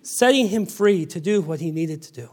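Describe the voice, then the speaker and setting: A male pastor preaching a sermon, moving from hushed storytelling to raised, emphatic exclamations. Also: a little high, animated, normal speed.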